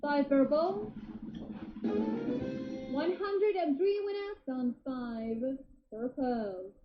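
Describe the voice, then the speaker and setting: High-pitched lady announcing game show results, upbeat, roomy dull sound with music behind. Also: expressive, very slow. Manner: upbeat, greets players by name. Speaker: live game show host.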